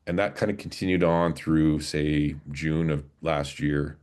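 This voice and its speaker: A man in his forties, a podcast guest and former police officer, telling his story in an earnest, halting way with many restarts. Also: a bass voice, steady tone, darkish tone, smooth. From Canada, Alberta. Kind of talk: casual storytelling interview.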